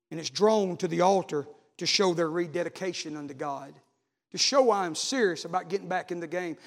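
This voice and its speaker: A preacher with a high voice delivers a sermon in a cadence that climbs to loud exhortation and sinks to quiet appeals. His voice rings out with a long reverb, as if in a large hall.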